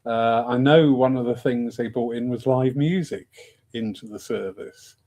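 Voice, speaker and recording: A man's voice: mid-range voice, a little slow, mellow. Guy rambling away as host, laughs at himself a lot. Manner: chatty, self-mocking, laughs often. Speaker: host of a discussion evening. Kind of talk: casual rambling talk.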